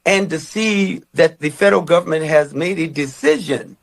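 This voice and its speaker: A man giving a formal public statement, measured and a little halting. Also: on the high side. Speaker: public official speaking to press.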